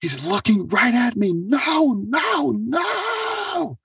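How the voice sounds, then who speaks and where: A man's voice: extremely high pitch, sing-song, extremely slow, vocal fry, fairly bright tone, husky, no echo, clean studio sound, far from the mic, voice pushed up, heavily acted. A man doing a terrified, dying old woman. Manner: frantic pleading cries.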